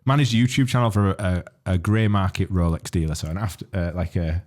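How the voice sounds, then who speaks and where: Rambling man, low voice. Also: steady tone, fast talker, darkish tone. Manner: rambling storyteller, laughs often, many restarts. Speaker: podcast co-host. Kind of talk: casual chat.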